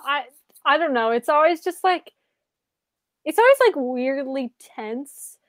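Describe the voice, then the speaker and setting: High-voiced giggly woman chatting. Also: expressive, unhurried, no room sound. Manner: giggly, acts out bits in funny voices. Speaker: podcast co-host. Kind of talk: casual chat.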